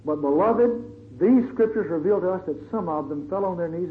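A man's voice: sits high, moderate pace. A male preacher giving a sermon in a dramatic, conversational storytelling manner. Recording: tinny phone-like recording, faint hiss.

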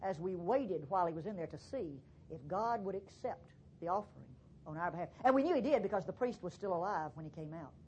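A woman preaching a sermon as dramatic storytelling, swinging from hushed passages to loud ones. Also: lowish voice, lively intonation, fairly quick, slight background noise. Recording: dull lo-fi recording.

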